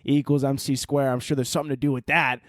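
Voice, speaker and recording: A man's voice: medium pitch, little pitch movement, quick pace, no echo, studio quality. Rambling, profane man podcasting solo. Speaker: podcast host.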